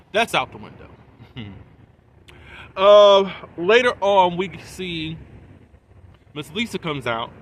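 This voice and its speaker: A man's voice: on the high side, fairly bright tone, slight background noise. A man giving a casual, chatty recap of a TV episode, laughing between points and asking his viewers questions. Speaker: TV episode reviewer.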